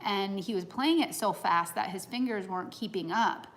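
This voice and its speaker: A woman's voice: mid-range voice, moderate pace, fairly bright tone. A woman in her thirties giving a casual, reflective talk to an audience on personal growth, earnest and heartfelt as she muses aloud.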